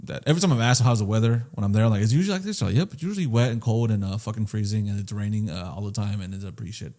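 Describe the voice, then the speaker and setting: A man's voice: lowish voice, rapid-fire, warm tone. Casual joking podcast guy. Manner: loose and joking, swears freely, riffs on daydreams. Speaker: podcast co-host. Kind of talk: casual comedic chat.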